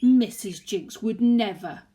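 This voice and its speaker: A woman's voice: on the high side, takes it slowly, dark tone, pitched above the performer's own voice. A grumpy, sardonic father, as a woman reading aloud puts him on. He mutters dry, cutting remarks. It is a storybook read-aloud voice.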